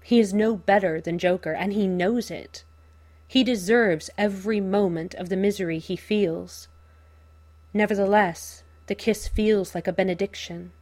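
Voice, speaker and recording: A woman narrating a fan fiction audiobook in a measured, unhurried storytelling manner. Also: medium pitch, a little mellow.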